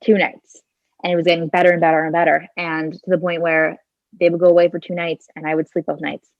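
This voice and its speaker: A woman in her twenties tells a personal story as a podcast guest, leaning on filler words and voicing her own thoughts. Her voice sits fairly low. She speaks into a handheld phone, so the sound is dull and lo-fi with no room echo. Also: little pitch movement, quick pace. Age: 20s. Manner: chatty, leans on "like" and "kinda", acts out her own thoughts.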